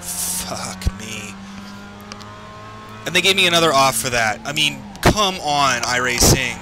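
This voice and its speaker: A man's voice: medium pitch, animated, slow. Frustrated man ranting while sim racing. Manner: frustrated, swearing, yelling at other drivers. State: heart racing, worked up. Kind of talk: live racing commentary. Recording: game music underneath. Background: game music and engine noise.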